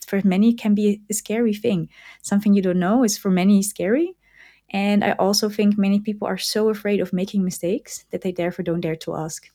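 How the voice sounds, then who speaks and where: A woman hosts a podcast in casual conversation. She speaks reflectively, often pausing with fillers as she searches for the right words. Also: mid-range voice, fairly even intonation, dark tone. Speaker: podcast host.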